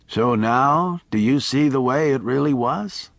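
A man voicing an elegant, silver-haired older man who speaks calmly and kindly. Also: medium pitch, measured pace, gravelly, no echo, clean studio sound, pitched above the performer's own voice. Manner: calm, gently explaining.

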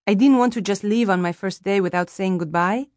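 A woman's voice: mid-range voice, a little fast, a little mellow, no echo, clean studio sound, close to an everyday voice. A woman voicing a polite young housekeeper with a South American accent, read as part of an audiobook. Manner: polite, apologetic.

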